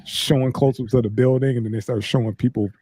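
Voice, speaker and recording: A man's voice: mid-range voice, fairly even intonation, fast talker, mellow, slightly rough, no echo. A man on a podcast chatting casually, blunt and heavy on swearing, laughing as he talks. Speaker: podcast co-host. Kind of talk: casual chat. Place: podcast studio.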